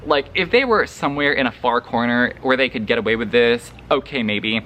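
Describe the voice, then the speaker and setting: A man giving a casual spoiler book review vlog, animated and dramatic, with crude jokes and laughing asides. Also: mid-range voice, brisk, slight background noise. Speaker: book vlogger.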